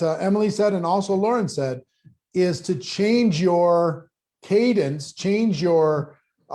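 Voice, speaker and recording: Emphatic high-voiced male coach. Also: a little mellow. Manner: emphatic, repeats questions in lists. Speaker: panel host and speaking coach. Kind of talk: coaching talk on video panel.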